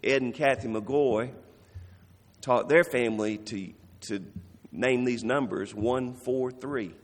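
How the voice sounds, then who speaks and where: A male pastor giving an earnest sermon, slowing down and softening to stress key phrases. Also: medium pitch, long reverb tail. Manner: earnest, warm preaching with soft, slowed emphasis on key phrases.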